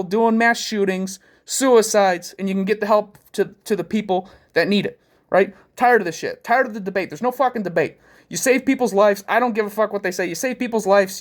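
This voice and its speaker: A vlogger delivering a heated, profane political rant, repeating points over and over. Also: medium pitch.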